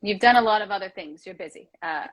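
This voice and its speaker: A woman's voice: medium pitch, fast. A woman hosting a casual chat over a video call, playful and chatty with lots of "like". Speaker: host.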